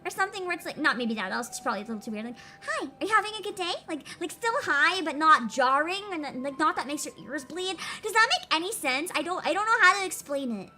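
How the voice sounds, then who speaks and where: Bubbly high-voiced woman streamer. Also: expressive, fast, few pauses, sharp tone. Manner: rambling, giggly, playful with voices. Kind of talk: casual chat over a game stream.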